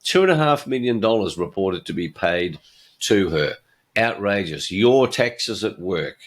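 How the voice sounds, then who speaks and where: A man's voice: on the low side, animated, unhurried. An older man hosting his own podcast, telling jokes and giving blunt opinions with a chuckle. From Australia. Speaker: podcast host.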